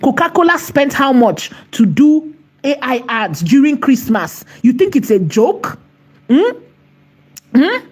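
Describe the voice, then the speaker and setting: A woman's voice: sits high, sing-song, darkish tone. Chatty woman teaching, repeats herself. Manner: chatty and emphatic, repeats phrases, asks "right?"; slows to dictate while typing. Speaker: AI tutorial host. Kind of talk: live screen-share tutorial.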